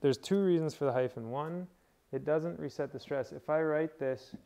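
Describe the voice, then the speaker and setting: A man's voice: on the high side, moderate pace, gravelly, warm tone, lo-fi sound. A man teaching a language class, explaining rules step by step and checking that his students follow. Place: indoor camp teaching session.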